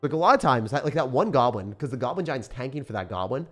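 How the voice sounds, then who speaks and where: An excitable young man rambles through casual gameplay commentary, his pitch jumping around a lot as he talks. He swears now and then, breaks into loud outbursts, and has light music playing under his voice. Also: fast talker. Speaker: gaming YouTuber.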